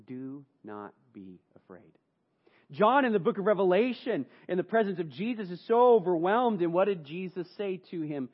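A man preaching a sermon, telling the story dramatically and moving between hushed and raised passages. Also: sits high, expressive, fairly quick, few pauses, highs cut off. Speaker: pastor.

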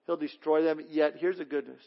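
A man's voice: a little high, steady tone, fairly quick, vocal fry. A man preaching a verse-by-verse sermon, earnest and emphatic, often repeating words as he restarts a thought. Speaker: pastor teaching through a Bible book. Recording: dull lo-fi audio.

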